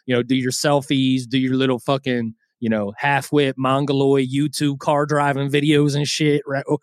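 A man's voice: medium pitch, flat delivery, normal speed, no echo, clean studio sound. A man co-hosting a boxing podcast in casual, crude, joking banter. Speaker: podcast co-host.

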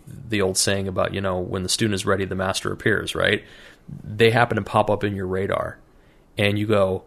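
A man with a lower, fairly bright voice co-hosts an easygoing podcast. He swears through his stories and acts out the people in them, quoted voices and all.

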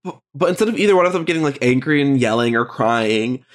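A man co-hosting a podcast in casual chat, congested and tired, rambling and hesitant with quick laughs. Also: mid-range voice, animated. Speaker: podcast co-host.

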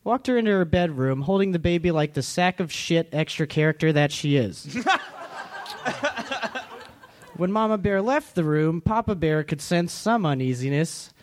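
Man, comedian, deadpan storybook narration, comedy club, high lively voice. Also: normal speed, few pauses. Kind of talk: comic reading of a story to a live audience.

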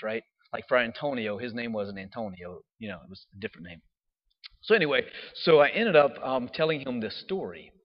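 A man, a diocesan priest, telling a personal story in a chatty, animated way with casual fillers. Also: mid-range voice. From United States. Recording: dull audio with long hall reverb.

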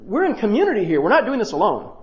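Guy preaching a sermon, high voice, roomy kinda dull sound, acts out the quotes. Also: racing. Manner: animated preaching, acting out quoted dialogue. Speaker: pastor.

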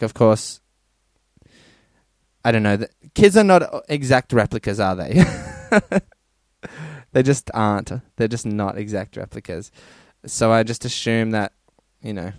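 A man's voice: fairly low pitch, dry recording, studio quality. A man hosting a podcast, casually reading listener stories in a crude, rambling way and laughing often. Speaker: podcast host.

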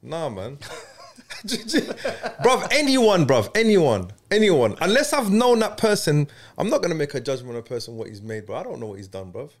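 A man, hosting a casual podcast chat and making his points in a preachy, animated way. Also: a little high, moderate pace. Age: 30s. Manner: animated, preachy, peppers speech with "bruv".

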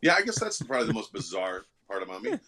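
A man's voice: on the low side, very animated, racing, a loud crowd. A middle-aged man, an actor and guest, telling self-deprecating stories with many fillers in a casual interview.

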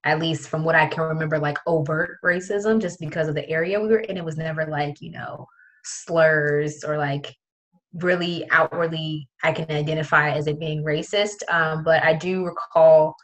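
Young woman, casual storyteller, slightly low voice, animated, lots of filler words. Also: moderate pace, low-quality recording. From Prince George's County, Maryland area. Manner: animated, many "like" fillers, acts out quoted voices. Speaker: guest.

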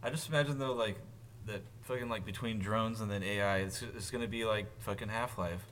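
A man's voice: on the low side, fairly quick, a bit bright, slight background noise. A young man co-hosting a casual podcast chat, joking and rambling. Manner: joking, rambling, laughs often. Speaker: podcast co-host.

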